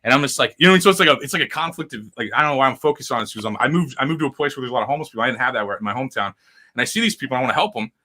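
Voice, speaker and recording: A man's voice: mid-range voice, expressive, racing, bright, forceful tone. A man hosting a casual podcast chat, rambling and swearing freely with lots of fillers. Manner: rambling, profane, full of fillers. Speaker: podcast host.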